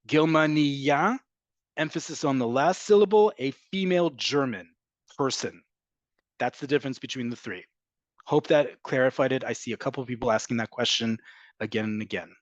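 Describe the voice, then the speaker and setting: A man's voice: medium pitch, fairly quick, dry recording. A man teaching a live online Hebrew class, emphatic and repetitive, drilling pronunciations and addressing viewers as folks. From from an American family.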